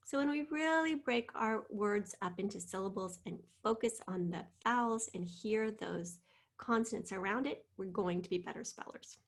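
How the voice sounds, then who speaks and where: A woman teaching a spelling lesson, patiently sounding out letters and sometimes dropping to a soft whisper. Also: medium pitch.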